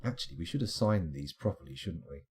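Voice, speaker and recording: A man's voice: low voice, sing-song, quick pace, vocal fry, breathy edge. A man streaming a game live, thinking aloud in a chatty, self-mocking way. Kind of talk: live gameplay commentary.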